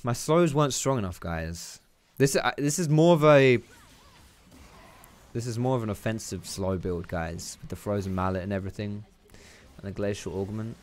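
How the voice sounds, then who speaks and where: A man's voice: on the low side, moderate pace, a little mellow. A young man giving casual, chatty commentary over his own gameplay, swearing and tossing out teasing asides.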